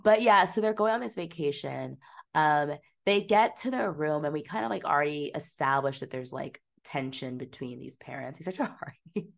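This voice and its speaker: A woman's voice: low-pitched, expressive, normal speed, creaky. A woman co-hosting a podcast, chatting casually about a movie, swearing freely and slipping into mocking impressions. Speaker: podcast co-host. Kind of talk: casual movie-review chat.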